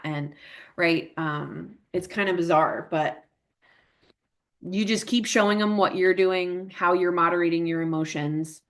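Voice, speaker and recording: A woman's voice: lowish voice, unhurried, fairly bright tone. A woman presenting a parent workshop in a casual, chatty way, full of fillers and tag questions, who acts out emotions in her examples.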